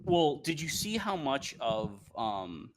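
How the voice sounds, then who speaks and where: A male co-host on a live gaming podcast, his voice fairly low and even. He talks casually, pausing on "um" and "like" as he builds his points. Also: a little hiss or hum. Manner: hesitant, full of "like" and "um" fillers.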